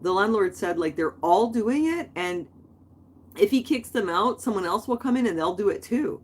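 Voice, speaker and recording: A woman's voice: medium pitch, expressive, moderate pace, slightly rough. A middle-aged woman hosting a livestream, talking in a rambling, chatty way, full of "like.". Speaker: livestream host. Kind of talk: casual chat.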